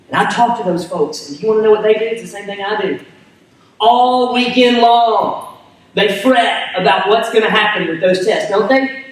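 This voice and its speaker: A man preaching a sermon as pastor, animated, repeating words and asking the crowd "right?". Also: high-pitched, normal speed. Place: church hall. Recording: echoey hall, mic at a distance.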